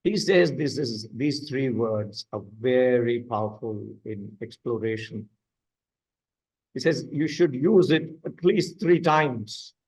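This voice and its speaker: A man's voice: mid-range voice, lively intonation, slow pace, darkish tone, slightly rough, rough recording. A man leading a coaching masterclass, explaining step by step and asking the audience questions. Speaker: coaching instructor. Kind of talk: online masterclass teaching.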